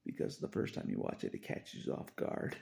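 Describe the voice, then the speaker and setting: A man's voice: brisk, darkish tone. A man talking in a rambling, confessional monologue, repeating phrases and chuckling between thoughts.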